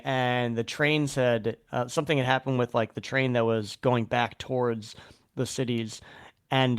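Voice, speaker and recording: Chatty podcast host guy, laughs a lot, mid-pitched voice. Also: smooth, no echo, studio quality. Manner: loose and chatty, laughs easily. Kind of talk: casual chat.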